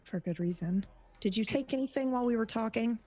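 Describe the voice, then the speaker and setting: A woman's voice: on the high side, a little fast, dark tone, soft background music, lightly acted. A woman voicing a blunt, cautious adventurer who speaks plainly and practically. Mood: wary.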